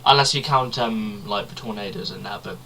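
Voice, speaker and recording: A man's voice: on the low side, fairly quick, pushed and bright, a little hiss or hum. A young man co-hosting a casual podcast, rambling and chatty, swearing loosely. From Britain. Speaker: podcast co-host. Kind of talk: casual chat.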